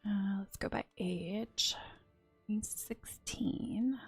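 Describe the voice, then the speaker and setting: A woman streamer giving whispered gameplay commentary, softly murmuring to herself as she plays. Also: mid-range voice, drawn-out words, slightly rough, dry recording, soft background music. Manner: soft murmuring to herself, often unvoiced whisper.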